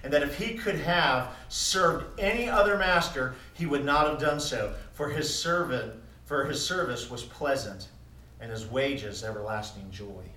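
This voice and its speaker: Preacher in an echoey church. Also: male voice, medium pitch, unhurried. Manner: swings from soft musing to loud emphatic preaching. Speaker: pastor. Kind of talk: sermon. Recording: echoey room heard from a distance.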